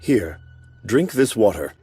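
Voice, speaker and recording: An actor playing an emotionless male golem lord who speaks calmly and formally. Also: on the low side, husky, soft background music, heavily acted. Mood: flat. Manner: calm, measured, formal. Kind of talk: anime dub acting.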